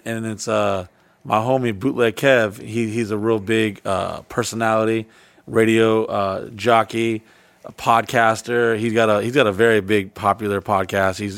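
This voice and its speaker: A man's voice: fairly low pitch, dry recording. A man hosting a casual podcast, rambling through stories with lots of swearing and restarts. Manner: rambling storyteller, heavy swearing, jumps to loud mimicked voices. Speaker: podcast host.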